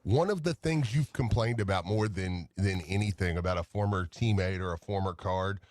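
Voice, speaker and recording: Low-voiced man co-hosting sports talk. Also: moderate pace, a little mellow, a little hiss or hum. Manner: loose, rambling, lots of fillers. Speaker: sports talk show co-host.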